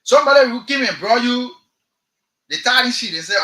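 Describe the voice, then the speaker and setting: A man's voice: very high voice, expressive, a little fast, sharp tone, echoey room, poor audio. A man with a Liberian English accent hosting a radio talk show, delivering impassioned political commentary and firing off repeated rhetorical questions. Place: radio studio.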